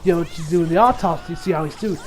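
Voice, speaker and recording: High-voiced man recapping an episode. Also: fast, a little mellow. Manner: rambling, laughing, lots of fillers. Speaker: anime reviewer.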